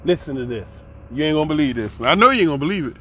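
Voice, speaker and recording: A man's voice: on the high side, animated, very fast, a bit bright. A man giving passionate, profane, heated commentary in a ranting vlog. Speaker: commentary vlogger. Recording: slightly dull lo-fi recording.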